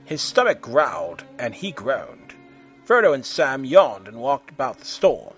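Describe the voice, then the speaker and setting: A man reading a humorous story aloud in an animated way, slipping into silly character voices. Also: medium pitch, measured pace, faint music behind. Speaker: fan fiction reader.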